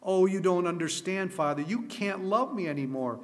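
Guy reading a scared little girl in a story, tearful and pleading, highish voice. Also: animated, moderate pace, long reverb tail. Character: frightened guilty young girl.

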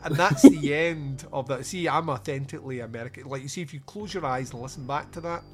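A man's voice: medium pitch, music in the background. A man hosting a podcast, reviewing a movie in casual, sarcastic chat with frequent laughs. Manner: laughing, sarcastic, quick asides. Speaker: podcast host.

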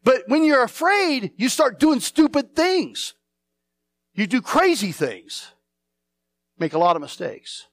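A man preaching a sermon, emphatic and repetitive, swinging between forceful lines and hushed ones. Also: very high-pitched, big pitch swings, slow pace, long pauses, no echo. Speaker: pastor.

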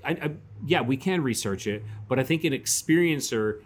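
A man's voice: mid-range voice, lively intonation, moderate pace. A man co-hosting a casual podcast chat, rambling and often restarting his sentences as he thinks aloud. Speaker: podcast co-host.

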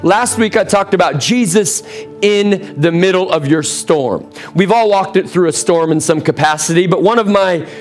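A fired-up man preaching to his congregation, his voice sitting a little high. He keeps prompting the room for answers and leans hard into his points. Soft music plays underneath. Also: moderate pace. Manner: energetic, calls for congregation responses. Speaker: pastor. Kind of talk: sermon. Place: church sanctuary with congregation.

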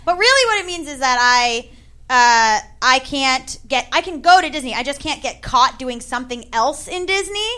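Woman, stand-up comedian, comic storytelling, high voice, animated, acts out voices. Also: moderate pace, smooth.

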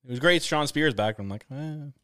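A man from Canada hosting a casual talk podcast, rambling excitably with lots of restarts. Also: medium pitch, fairly quick, clean tone, dry recording, studio quality. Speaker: podcast host. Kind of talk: casual chat. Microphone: camera setup on a video call.

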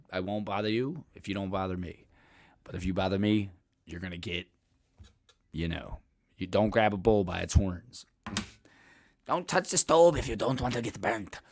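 A man hosting a podcast, telling stories in a rambling, profane, casual way and laughing often. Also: fairly low pitch. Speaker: podcast host.

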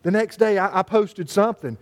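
Male pastor, high voice, folksy preaching, jokes with the congregation. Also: brisk. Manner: folksy, joking, addresses congregation by name. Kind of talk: sermon.

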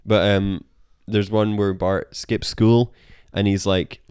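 A man on a podcast, chatting in a rambling, animated way and retelling scenes. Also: fairly low pitch, slow pace, clear, resonant tone, no room sound, clean studio sound. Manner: rambling, animated, puts on character voices in retellings. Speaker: podcast co-host. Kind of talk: casual chat.

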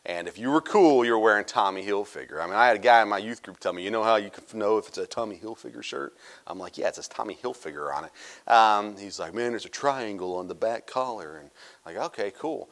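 A middle-aged male pastor preaching a sermon in a casual, joking storytelling manner with quick asides. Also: on the low side, animated, fairly bright tone.

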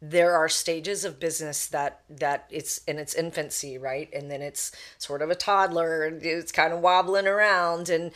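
Female podcast guest, entrepreneur, deep voice, measured and thoughtful delivery. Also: steady tone, a bit bright. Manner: thoughtful, measured advice-giving. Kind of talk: casual interview chat.

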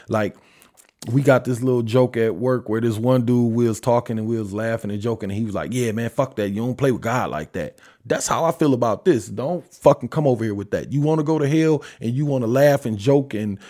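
A man hosting a podcast, ranting in heated, profane casual talk, his pitch jumping sharply on the points he stresses, then sinking into low mutters and sighs. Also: darkish tone. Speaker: podcast host. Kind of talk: casual opinion rant.

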